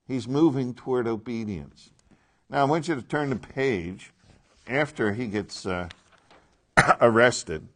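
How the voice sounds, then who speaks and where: A man's voice: medium pitch, lively intonation, a little slow. A man teaching a Bible class, speaking emphatically and asking his listeners questions.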